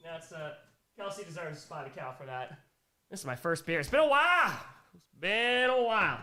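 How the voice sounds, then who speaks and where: A man's voice: on the high side, lively intonation, moderate pace, sharp tone. A young man hosting a casual livestream. He rambles, giggles often and thanks his viewers. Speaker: livestream host.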